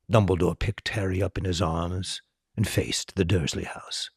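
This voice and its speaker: A man reading a storybook aloud as host, slow and expressive. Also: low voice, creaky, husky, no echo, clean studio sound.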